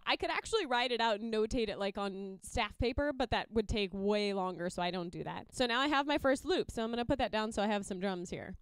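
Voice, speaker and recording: A woman's voice: mid-range voice, expressive, a little fast, few pauses, heavy background noise. A young woman casually explaining how she arranges songs for a looper, chatty and upbeat, sometimes singing or beatboxing short examples. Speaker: loop musician explaining her process. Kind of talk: casual tutorial talk.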